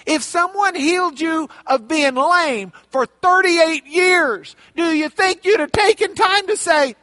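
A man preaching a sermon, retelling a Bible story with animated storytelling and playful character voices. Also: very high voice, slow pace, few pauses, dry recording.

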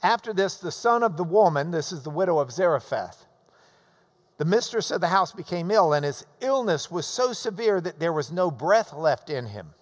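A man preaching a sermon, teaching slowly and emphatically and repeating his phrases for weight. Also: fairly high pitch, very animated, in a large hall.

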